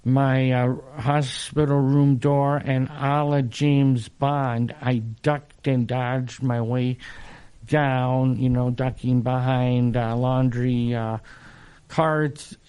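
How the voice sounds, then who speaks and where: An older man in his sixties speaks slowly as an interview guest. He tells his stories haltingly, with plenty of uhs and restarts. His pitch sits in a middle range for a man. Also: flat delivery, a little mellow, clean tone. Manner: unhurried, halting, lots of fillers and restarts, chuckles. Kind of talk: casual storytelling in an interview.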